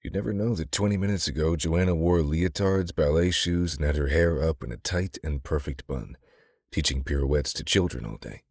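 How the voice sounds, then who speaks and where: A man tells a romance story in a steady, intimate manner. His voice is extremely deep with a husky edge. The close studio recording is dry, with no room sound. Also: moderate pace, no echo. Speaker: audiobook narrator. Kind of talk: scripted narration.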